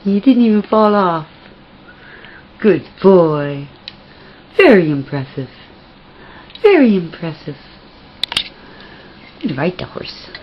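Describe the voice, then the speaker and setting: A woman's voice: on the low side, big pitch swings, takes it slowly, pauses often, muffled recording, a little hiss or hum. A woman filming her pet at home on a handheld camcorder, coaxing and praising it in cooing baby talk. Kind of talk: home video chat with a pet.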